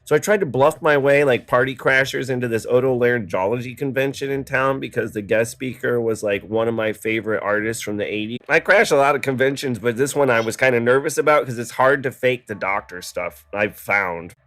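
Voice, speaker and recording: Bright-voiced man rambling deadpan comedy. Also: mid-range voice, fairly quick, few pauses. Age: 40s. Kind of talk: absurdist comedy monologue.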